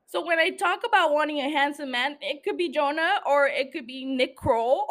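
A woman's voice: high-pitched, normal speed, a bit bright. A young woman hosting a solo podcast, chatting casually, swearing freely and laughing often. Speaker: podcast host.

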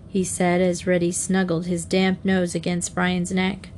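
Slow, measured woman storyteller. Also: fairly low pitch, level tone, darkish tone, a little hiss or hum. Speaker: audiobook reader. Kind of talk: storybook narration.

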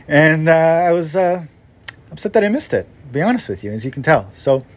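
A man's voice: a little high, normal speed. A middle-aged man hosting a podcast and telling a personal story in a casual, rambling way that jumps from one thought to the next. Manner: rambling, self-interrupting, animated. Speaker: podcast host.

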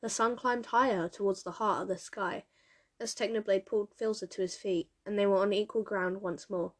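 A woman's voice: mid-range voice, fairly even intonation, moderate pace. Woman narrating an audiobook. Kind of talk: audiobook reading of fan fiction.

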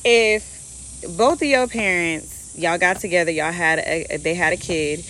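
A woman with a low-pitched voice talks through her ideas in an easy, reflective way, often slipping into quoted voices to make a point. A faint hiss sits under the recording. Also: a little slow, a bit bright. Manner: reflective, explains with acted-out example quotes. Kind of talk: casual conversation.

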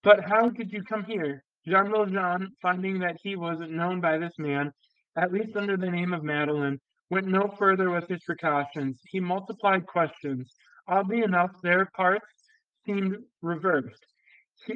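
A man reading a classic novel aloud in a steady voice, with occasional slips and restarts. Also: high voice, moderate pace, clear, resonant tone, no room sound, lo-fi sound. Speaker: audiobook reader.

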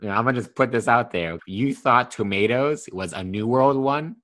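A man's voice: mid-range voice, moderate pace, a bit bright. A man hosting a casual podcast, explaining history and teasing his co-host. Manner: explanatory, teasing, laughs easily. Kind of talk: casual educational podcast chat.

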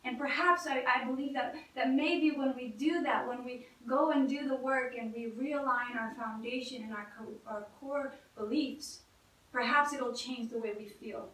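A woman's voice: high-pitched, normal speed, fairly bright tone. A woman preaching a sermon in an earnest, conversational way, often restarting her phrases. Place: church. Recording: echoey room, voice from a distance.

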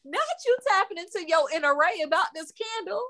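A woman's voice: very high-pitched, a little fast. A woman co-hosting a casual podcast, recapping a reality show in a blunt, sassy, profane way. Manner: sassy, blunt, profane, animated retelling with laughter. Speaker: podcast co-host.

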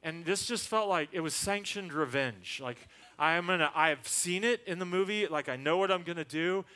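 A man preaching a sermon, telling a personal story and acting out the people in it in a lower voice. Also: normal speed, sharp tone. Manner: storytelling, acts out quotes in a lower voice. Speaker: pastor. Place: church.

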